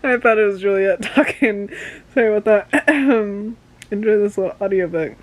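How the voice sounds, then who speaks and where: A young woman vlogging her reactions to a novel in casual, animated, exasperated commentary. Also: medium pitch, moderate pace, rough recording. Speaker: book vlogger.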